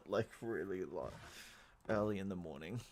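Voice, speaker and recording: A man's voice: fairly low pitch, moderate pace, slight background noise. A man giving playful, chatty commentary while playing a building game, breaking into silly singing and voices. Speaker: gaming YouTuber. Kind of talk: casual gameplay commentary. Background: background music.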